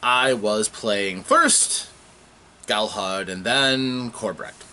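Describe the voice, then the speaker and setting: A man casually recapping a tabletop game session, telling it with animated, halting restarts. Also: fairly low pitch, a little hiss or hum.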